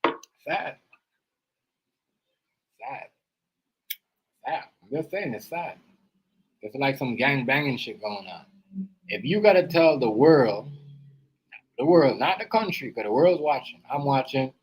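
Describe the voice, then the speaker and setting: Guy ranting on his stream, all over the place, gets loud then goes quiet, normal pitch. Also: moderate pace, husky, rough recording. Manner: rambling, animated, swings between loud and quiet. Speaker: stream host. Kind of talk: casual reaction commentary. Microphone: live stream setup.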